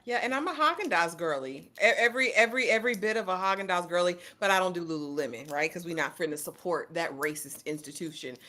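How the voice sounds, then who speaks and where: Woman cohost talking fast and joking, bright voice that swings up and down a lot. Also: on the low side, animated. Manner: quick, joking, emphatic slang. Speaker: panel co-host. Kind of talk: casual chat reacting to viral clips.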